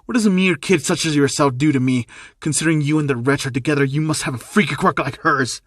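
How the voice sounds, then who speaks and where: A man's voice: fairly high pitch, fast, a bit bright, no room sound. A man voicing a bitter, hostile middle-aged father who speaks with open contempt, in a dry-sounding recording. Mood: scornful. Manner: contemptuous, scornful.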